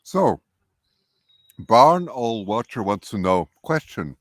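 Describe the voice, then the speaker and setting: Husky, lively-voiced man hosting a livestream. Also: fairly low pitch, slow pace, no echo. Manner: chatty, lively, self-correcting. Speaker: livestream host reading viewer questions. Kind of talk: casual livestream chat. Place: outdoors by a nest in wind.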